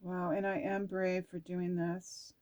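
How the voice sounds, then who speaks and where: A woman's voice: fairly low pitch, level tone, takes it slowly, darkish tone. A woman reading oracle cards aloud in a video, gushing and exclaiming, often laughing or close to tears as she reacts to the words. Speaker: oracle card reader.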